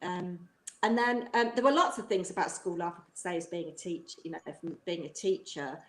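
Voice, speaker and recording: This middle-aged woman, once a teacher, talks fairly quickly in a lowish voice. She chats at length and laughs often during a casual live-stream video call, and the room gives the audio a noticeable echo.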